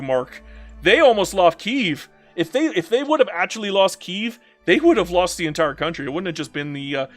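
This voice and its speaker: A man from Canada, a strategy game streamer, chatting casually as he reads viewer comments and answers them in a blunt, rambling way that swings between animated and subdued. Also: fairly high pitch.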